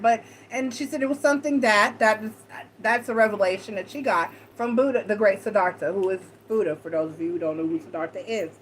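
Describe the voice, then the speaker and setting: A woman's voice: mid-range voice, a little hiss or hum, poor audio. A woman giving a casual, rambling tarot reading, frank and a bit salty, acting out quoted talk with a raised voice. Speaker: tarot reader.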